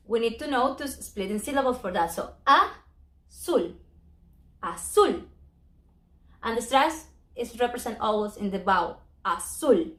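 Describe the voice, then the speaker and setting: A woman whose first language is Spanish, teaching a Spanish lesson in English and slowly drawing out each example word. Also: a little high. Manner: slow, drawn-out modeling of words, non-native English grammar. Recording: echoey room.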